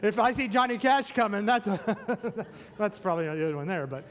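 Male pastor, very high-pitched for a man, playful and animated sermon delivery, recorded with long church-hall reverb. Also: brisk. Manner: playful, animated preaching with asides to the congregation. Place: church sanctuary.

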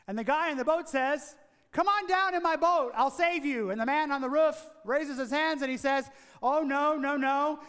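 High-voiced preacher in a reverberant hall. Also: male voice. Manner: emphatic preaching, repeating key phrases. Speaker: pastor. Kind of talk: sermon.

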